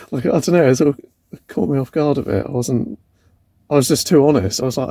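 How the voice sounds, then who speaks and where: A man's voice: mid-range voice, a little fast, long pauses, mellow, no room sound. A young man chatting casually in a vlog, rambling and tentative, laughing at himself as he talks. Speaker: van life vlogger. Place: outdoors in a city and in a van.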